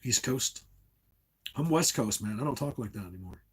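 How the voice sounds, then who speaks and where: This New Jersey man, middle-aged, rambles through tangents while chatting with his stream viewers and laughs frequently. His medium-pitched voice has lively intonation, a moderate pace, and a breathy edge, though the recording is low quality.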